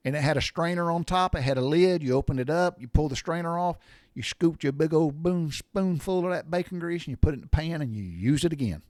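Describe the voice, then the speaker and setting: A man's voice: fairly high pitch, quick pace, a little mellow, no room sound, studio quality. Folksy older man telling stories. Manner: folksy, rambling, with mild cussing. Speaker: storyteller sharing memories. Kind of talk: casual storytelling monologue.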